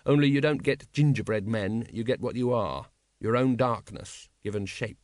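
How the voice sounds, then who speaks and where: A man reading an audiobook, a measured, wry scripted narration. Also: medium pitch, no room sound, clean studio sound.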